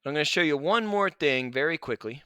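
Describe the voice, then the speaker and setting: A man teaching a grammar lesson over slides, relaxed and chatty, with asides to his students. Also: a little high, fairly quick, smooth, no room sound. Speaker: Spanish teacher.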